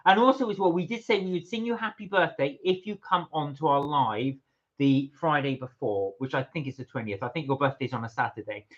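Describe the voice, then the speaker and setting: A man co-hosting a casual live stream, reading out viewer comments in a chatty, animated way. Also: on the high side, brisk. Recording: dull lo-fi live stream audio.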